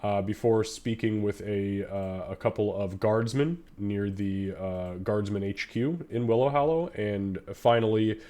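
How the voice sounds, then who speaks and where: A man with a lowish, nasal voice, stuffed up from a cold, hosts a live tabletop game. He rambles casually with fillers and the odd swear, then reads a session recap. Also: a little slow, few pauses, dark tone. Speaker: game master. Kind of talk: casual live-stream chat.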